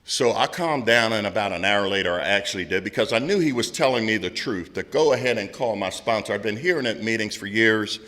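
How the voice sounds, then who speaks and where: A middle-aged man speaking at a recovery meeting, telling his story in a loud, blunt, candid way with plenty of swearing. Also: fairly low pitch, brisk, hardly any pauses. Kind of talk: candid personal recovery share. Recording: long hall reverb.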